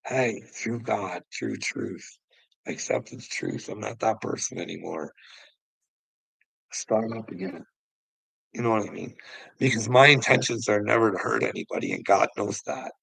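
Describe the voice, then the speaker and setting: Gravelly taunting man. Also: fairly low pitch, a bit bright, no echo, poor audio. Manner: taunting, preachy, swears, laughs mockingly. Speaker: channel host. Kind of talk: confrontational livestream rant.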